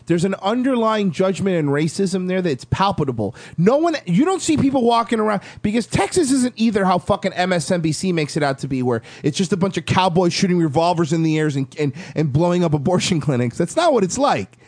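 Animated man telling a story, dry sound. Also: sits high, brisk, few pauses, dry recording. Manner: animated, swearing, acts out quotes. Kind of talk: casual storytelling chat.

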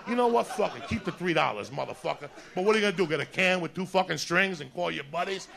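Gravelly high-pitched ranting comedian man. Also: fast talker, hardly any pauses. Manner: loud, mocking, swearing constantly. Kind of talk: profane stand-up rant.

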